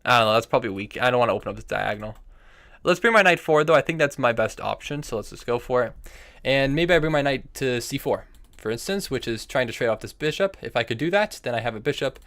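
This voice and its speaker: A young man live-streams chess from his desk, talking through his moves as he plays. He repeats phrases while he weighs options and breaks off to answer viewers in chat. His voice sits in a middle pitch and is picked up by a desk microphone. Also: lively intonation, quick pace, a bit bright.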